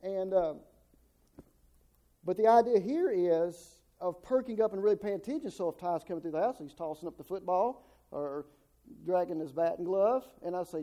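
A man's voice: sits high, lively intonation, normal speed, pauses often, dark tone. A middle-aged man preaching a sermon in a folksy way, stumbling over repeated words and acting out the people he quotes.

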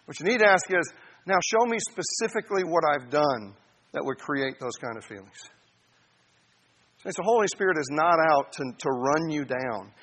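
Bright-voiced animated preacher man. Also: on the high side, normal speed. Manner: animated, acts out voices, addresses listeners as saints. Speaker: pastor. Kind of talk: sermon.

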